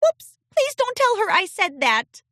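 A woman's voice: very high voice, big pitch swings, unhurried, a bit bright, dry recording, studio quality, pitched above the performer's own voice, exaggerated voice. A woman doing a blurting grumpy filly. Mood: exasperated. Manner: blurting, exasperated. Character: blunt grumpy young filly schoolgirl.

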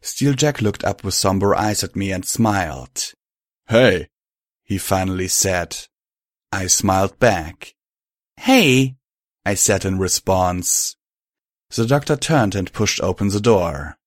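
Low-voiced man narrating an audiobook. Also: a little slow, dry recording, clean studio sound. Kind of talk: fan fiction audiobook narration.

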